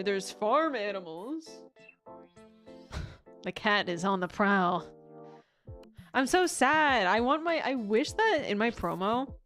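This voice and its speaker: A woman's voice: a little high, a bit bright. Chatty, swearing young woman streamer. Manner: chatty, swears freely, laughs often. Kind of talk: casual chat stream.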